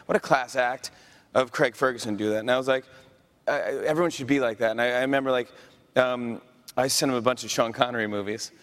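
A man hosting a live audience Q&A, chatty and quick to laugh, often restarting his sentences. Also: medium pitch, fairly even intonation, fairly bright tone. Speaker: late-night talk show host answering audience questions. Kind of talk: casual live Q&A on stage.

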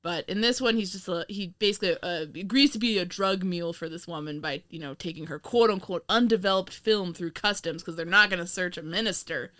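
A woman's voice: lowish voice, a little fast, few pauses, fairly bright tone. A woman from New York co-hosting a casual podcast chat, talking loosely with lots of laughter and casual swearing. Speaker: podcast co-host.

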